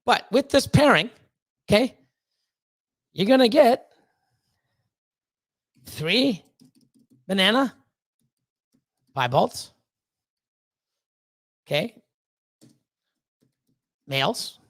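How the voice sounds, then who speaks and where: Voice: medium pitch, lively intonation, drawn-out words, pauses often. A reptile breeder hosting a livestream, talking bluntly and heatedly to the chat, swearing often and restarting sentences. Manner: emphatic repeated pleading. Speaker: reptile breeder and channel host. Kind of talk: casual livestream talk to chat.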